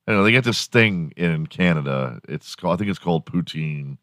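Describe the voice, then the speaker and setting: A man hosts a casual comedy podcast, ranting with heavy swearing and frequent laughter. His voice sits fairly low, and the recording is dry and close to the mic with no room echo. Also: brisk. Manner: profane, animated, laughs often. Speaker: podcast host.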